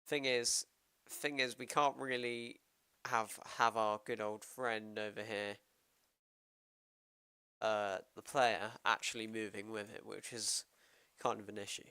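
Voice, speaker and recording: A man's voice: on the low side, little pitch movement, slow, long pauses, sharp tone, smooth, dry recording. A man with a British accent, casually explaining his code on a stream, rambling and interrupting himself as he thinks aloud. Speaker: programmer streamer. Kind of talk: casual coding livestream.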